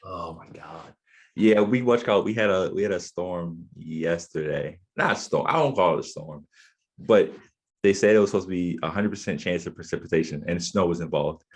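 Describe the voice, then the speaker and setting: A man's voice: low voice, moderate pace, slightly rough. A young man, a podcast host from the Eastern Shore, chatting in a laid-back, slangy way and often repeating words. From Eastern Shore, USA. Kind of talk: casual chat.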